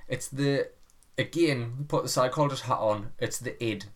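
A man's voice: medium pitch, moderate pace. A man, co-hosting a casual comedy podcast and telling rambling childhood stories, swearing freely. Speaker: podcast co-host.

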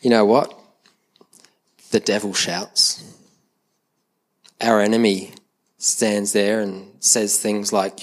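A man with a fairly low voice preaching a sermon at a church service. He talks in a conversational way and often repeats words as he restarts a thought. He mixes in light humor with the congregation. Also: level tone, slow pace, long pauses, fairly bright tone. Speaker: pastor.

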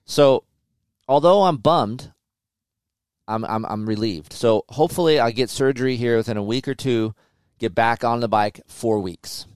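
A man in his forties co-hosting a podcast, telling his story in a casual, animated and impatient way, with many restarts. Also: mid-range voice, moderate pace, smooth, dry recording, studio quality. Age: 40s. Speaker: podcast co-host. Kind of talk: casual chat.

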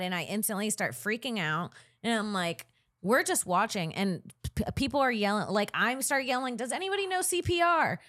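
A woman comedian and podcast co-host, telling a story in casual chat, animated and full of "like". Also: mid-range voice, dry recording, clean studio sound. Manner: animated storyteller, heavy use of "like".

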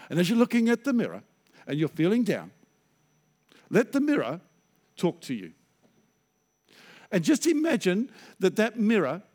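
A middle-aged pastor delivering a sermon. His voice sits high and swoops through a wide, animated range. He slips into stammering, acted-out inner voices to make his point.

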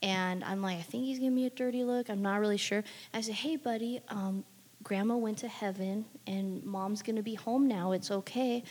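Brief: woman, middle pitch, wry and matter-of-fact, reverberant room. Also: fairly even intonation, moderate pace, a little mellow. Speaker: parent sharing a story. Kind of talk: casual storytelling.

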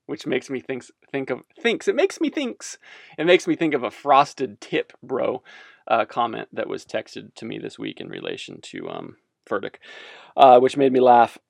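A man's voice: mid-range voice, wildly swooping pitch, unhurried, creaky, dry recording, clean studio sound. A man giving casual religious commentary as a podcast host, rambling and self-amused, wandering off on tangents.

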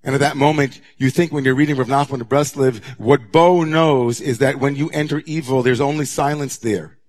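Male rabbi, mid-pitched voice, sermon delivery with dramatic hush-to-raised swings. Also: normal speed.

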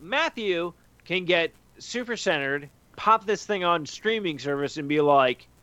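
A man's voice: on the high side, lively intonation, unhurried, bright, forceful tone, dry recording. A man hosting a casual podcast chat, talking animatedly and acting out his friends' reactions. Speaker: podcast host.

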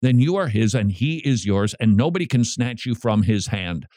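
Animated, emphatic preaching male radio host. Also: medium pitch, normal speed, no echo, clean studio sound. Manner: emphatic, animated preaching with sharp repeated lines.

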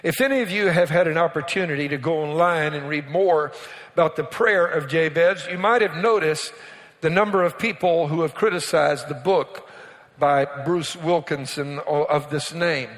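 A male pastor with a notably high-pitched voice delivers a sermon to his congregation, the sound carrying a long reverberant tail from the church hall. He speaks directly to the pews with asides and prompts, and pushes into emphatic, almost shouted peaks. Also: normal speed. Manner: preaching with call-and-response asides to the congregation. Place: church sanctuary.

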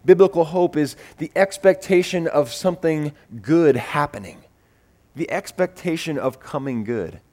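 A man preaching with a slightly higher-than-usual voice, animated and building through repeated phrases. He mixes teaching with storytelling and puts on voices for the people in his stories. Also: moderate pace. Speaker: pastor. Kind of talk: sermon with personal storytelling.

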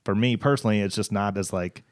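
A man with a lowish voice co-hosts a podcast and talks quickly in loose, hedging sentences full of fillers. The sound is dry and close, with no room echo. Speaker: podcast co-host. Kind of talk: casual podcast chat.

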